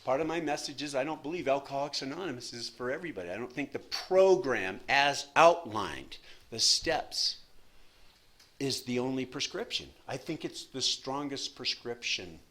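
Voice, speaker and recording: Man in his sixties, lively swooping pitch, bright tone, self-deprecating storyteller at a meeting podium. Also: moderate pace. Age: 60s. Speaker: recovery meeting speaker. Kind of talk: personal recovery story talk.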